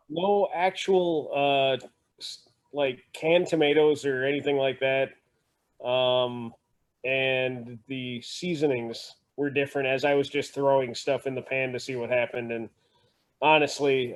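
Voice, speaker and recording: A man chatting casually in a group call, telling family stories and laughing often. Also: mid-range voice. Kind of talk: casual group video chat.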